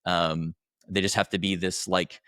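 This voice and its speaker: A man's voice: low voice, level tone, unhurried, a bit bright, dry recording, clean studio sound. A man speaking as a podcast guest, earnest and rambling, with frequent restarts. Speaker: podcast guest, coach for husbands. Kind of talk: conversational interview.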